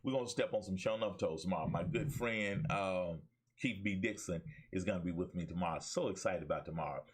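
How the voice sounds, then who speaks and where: A man's voice: low-pitched, a little fast, breathy edge. A man with an Alabama accent hosting a talk show and preaching motivational messages straight into his webcam, with call-and-response phrases to his viewers. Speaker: talk show host and pastor.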